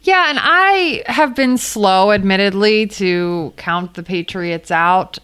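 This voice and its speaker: A young woman co-hosting a sports podcast, giving measured, thoughtful takes. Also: medium pitch, animated, fairly bright tone, smooth. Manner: measured, thoughtful, some fillers. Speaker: podcast co-host. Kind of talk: casual sports chat.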